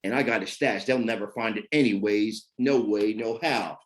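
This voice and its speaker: A man's voice: lowish voice, moderate pace. A middle-aged man giving a candid personal testimony about his past, rambling and repeating fillers as he talks. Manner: rambling, repeats fillers like "you know what I mean". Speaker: person sharing his recovery story.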